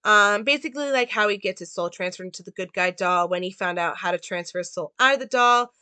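Bright-voiced woman recapping a film. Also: mid-range voice, fast, clear, resonant tone, dry recording. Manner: loose, with many "like" and "um" fillers. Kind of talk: casual film analysis and plot recap.

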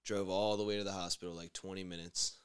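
A man's voice: deep voice, flat delivery, fast talker, clean tone. A young man in casual chat, laid back, saying "dude" and "like" often.

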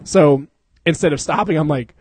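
A man's voice: fairly high pitch, moderate pace, darkish tone, breathy edge. A young man casually telling a rambling story to friends, laughing often and swearing.

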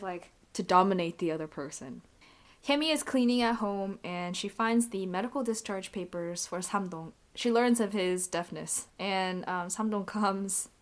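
Casual woman co-host, mid pitch, rambling and giggly. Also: a little slow. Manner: chatty, lots of "like", laughs often. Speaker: podcast co-host recapping a drama. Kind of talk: casual chat.

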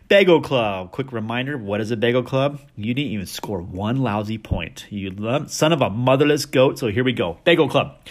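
Casual male podcast host, middle-pitched, rowdy and teasing, loud bursts then mutters. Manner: rowdy, joking, teasing league members; energetic with big swings in loudness. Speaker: fantasy football league podcast host.

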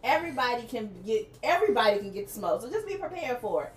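Female podcast co-host, lively banter, echoey room with faint background noise. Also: on the high side, fast talker, far from the mic. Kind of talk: casual chat.

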